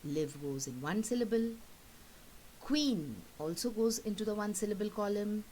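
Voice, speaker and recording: Faint hiss sits beneath the poor audio of a recorded lesson in which a woman with a mellow, mid-range voice teaches. She slowly and patiently says each word twice as a pronunciation model.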